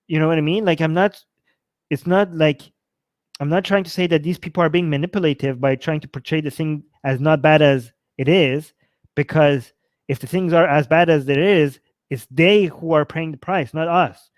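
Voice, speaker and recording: A man with a high voice hosts a show and chats casually with his live audience. He rambles and circles back to repeat his points. His voice is dry and close, with no room sound. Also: fairly even intonation, normal speed, dry recording. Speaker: show host.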